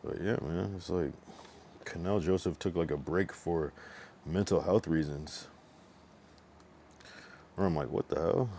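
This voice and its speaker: Drunk and overfull, this young man talks casually on his livestream in a low, mellow voice, slangy and profane, a bit breathless. He speaks at a measured pace with frequent pauses, and there's slight background noise.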